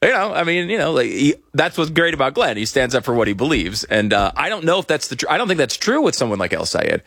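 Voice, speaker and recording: A man's voice: mid-range voice, fast, vocal fry, no room sound. A man hosting a casual political chat show, joking and laughing between points. His voice moves up and down a lot as he talks. The sound is close and dry, with no room around it. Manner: laughs often, lively sarcastic delivery. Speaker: podcast co-host.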